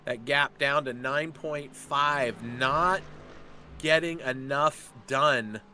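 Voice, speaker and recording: A man giving chatty, excitable live commentary on a sim race. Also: medium pitch, slight background noise. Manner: chatty, excitable, quick to laugh.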